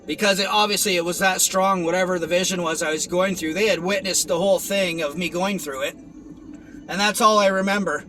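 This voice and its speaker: A man's voice: high voice, steady tone, brisk, sharp tone, slight background noise, low-quality recording. A young man giving a rambling, earnest personal testimony, with many restarts and fillers. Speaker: testimony vlogger.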